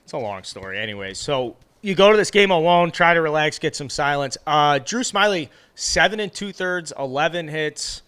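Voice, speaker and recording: A man co-hosting a baseball chat show, telling long rambling stories full of animated asides. His voice is bright and forceful, with a crisp, smooth resonance. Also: on the high side, moderate pace, hardly any pauses. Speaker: podcast co-host. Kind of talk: casual sports chat.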